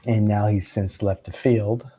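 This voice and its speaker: A man's voice: fairly low pitch, steady tone, a little slow, mellow, husky. A man giving casual political commentary, sarcastic, often stammering over restarts and laughing between phrases.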